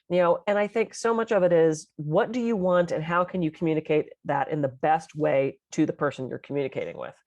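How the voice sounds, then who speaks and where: A middle-aged woman co-hosts a podcast in relaxed, chatty talk. Her voice sits a little low for a woman and comes across dry and close. She tells stories in an animated, expressive way. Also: no room sound. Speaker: podcast co-host. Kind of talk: casual podcast chat.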